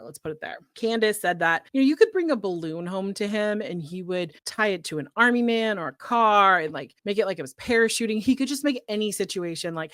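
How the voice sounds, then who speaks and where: A woman's voice: mid-range voice, a bit bright, no echo. Chatty woman, dry close sound. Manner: chatty, heavy use of "like", laughs often. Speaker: podcast co-host recapping a show. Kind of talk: casual chat.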